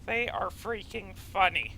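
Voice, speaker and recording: Man, high voice, unhurried, casual game commentary, chatty, rambling. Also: sing-song, gravelly, bright, forceful tone, a little hiss or hum, rough recording. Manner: rambling, chatty, goes off on tangents. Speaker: let's play gamer.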